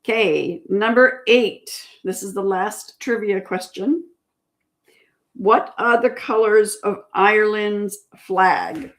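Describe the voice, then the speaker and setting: Slow, patient woman livestream host. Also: medium pitch. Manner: patient, repeats each question and reads out viewers' answers. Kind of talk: casual livestream trivia chat.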